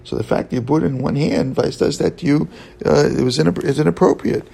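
A man teaching a Talmud lesson in a halting way, restarting his sentences often and mixing English with Hebrew and Aramaic terms. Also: on the high side, lively intonation, gravelly, mellow, breathy edge, poor audio. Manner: halting, with many restarts and fillers. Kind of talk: Talmud study lecture.

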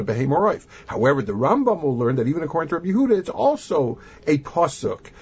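A man's voice: mid-range voice, darkish tone, breathy edge. Yeshivish man teaching a Talmud lesson. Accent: Yeshivish English. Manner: reasoning aloud, mixing Hebrew and Yiddish terms into English. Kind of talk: Talmud lesson, analytical explanation. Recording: dull lo-fi recording.

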